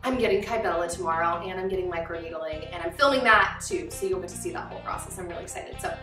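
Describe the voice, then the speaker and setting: A woman's voice: lowish voice, quick pace, sharp tone, reverberant, distant mic, soft background music. A young adult woman casually reviewing snacks in a chatty, upbeat vlog, with many "like" fillers. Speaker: vlogger.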